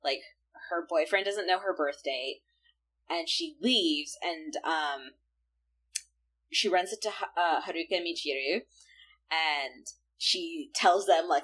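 A woman with a low, husky voice chats casually as a podcast co-host. She recaps episodes in an animated way, her pitch rising and falling widely as she acts out lines. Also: unhurried. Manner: animated retelling, acting out characters' lines. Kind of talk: casual chat recapping an anime.

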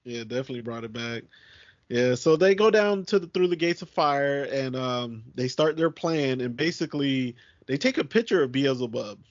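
A man's voice: medium pitch, lively intonation, moderate pace, no echo. A man co-hosting a cartoon podcast, laid-back and agreeable, adding plot details. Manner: laid-back, lots of yeahs and laughs. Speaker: podcast co-host. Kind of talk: casual chat. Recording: dry, dull lo-fi sound.

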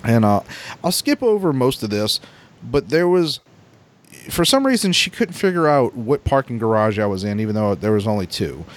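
Animated man telling a rambling story. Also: mid-range voice, normal speed. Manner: rambling, profane, with many restarts and acted-out quotes. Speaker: podcast co-host telling a story. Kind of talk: casual storytelling.

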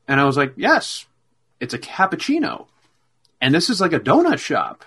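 A man's voice: on the high side, a little fast, husky. A man chatting casually over a call, telling stories with lots of fillers and restarts. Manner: animated storyteller, rambling with fillers. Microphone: call audio.

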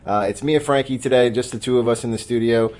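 A man's voice: medium pitch, fast talker, a little mellow. Man, podcast host, casual sports betting chat, brash, joking, studio. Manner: brash, joking, hypes his own picks. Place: studio office.

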